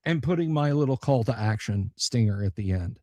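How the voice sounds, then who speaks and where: A man hosting a casual livestream chat, talking in a blunt, sarcastic way and swearing freely. His voice sits at an ordinary pitch for a man. The sound is dry and close. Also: expressive, a little fast, warm tone, no room sound. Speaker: host of a tabletop gaming channel.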